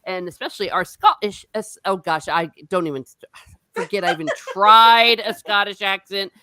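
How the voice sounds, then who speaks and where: A woman's voice: medium pitch, animated, normal speed, pushed and bright, clean tone, dry recording. A woman hosting a casual book discussion, rambling with frequent fillers and laughing often. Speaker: host of a book discussion show. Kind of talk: casual chat.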